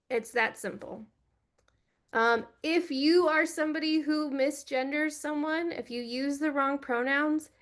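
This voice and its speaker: A woman giving an earnest, direct teaching talk for a church, speaking into a computer microphone on a video call. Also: high-pitched. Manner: earnest, direct, gently instructive.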